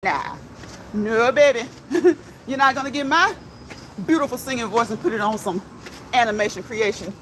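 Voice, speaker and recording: A woman with a fairly high voice hosts a walking vlog, talking casually to her viewers as she goes. She checks in with a steady "okay?" and laughs often. Faint outdoor noise sits behind her voice. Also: moderate pace, low-quality recording. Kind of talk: casual chat while walking. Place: outdoors on a walk.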